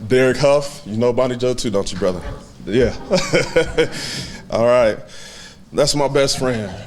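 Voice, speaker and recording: A man in his twenties giving a heartfelt, halting acceptance speech to a banquet audience, with many fillers. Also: medium pitch, noisy background. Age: 20s. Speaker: hall of fame inductee giving a speech.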